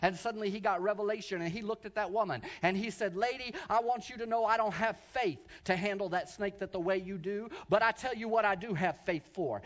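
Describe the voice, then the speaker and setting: A man preaching a sermon who tells a story, swinging from quiet asides to loud, shouted preaching. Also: high-pitched, big pitch swings, normal speed, dull audio. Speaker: pastor.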